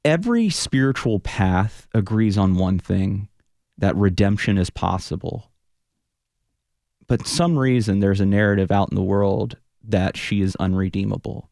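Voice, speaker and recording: A man's voice: fairly low pitch, lively intonation, unhurried, vocal fry, darkish tone, no room sound. A man who is a Buddhist teacher and punk rock frontman, talking earnestly in a radio studio interview, often restarting and trailing off as he searches for words. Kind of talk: reflective radio interview conversation.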